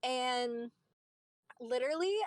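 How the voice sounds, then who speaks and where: A young woman streamer chatting casually, telling a story in an animated, profane way. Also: sits high, slow, dry recording, clean studio sound. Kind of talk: casual chat.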